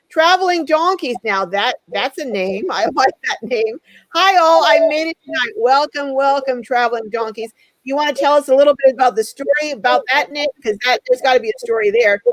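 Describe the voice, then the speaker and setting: A chatty woman with a high voice hosts a live stream, reading viewer comments aloud and greeting each person by name. Her voice sounds dry and close, with little room echo.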